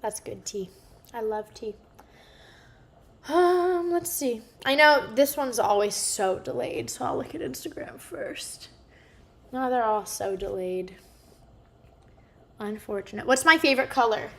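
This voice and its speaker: A woman's voice: on the high side, measured pace, pauses often, roomy sound. A goofy, rambling woman, chatting casually with viewers while cooking live in her home kitchen.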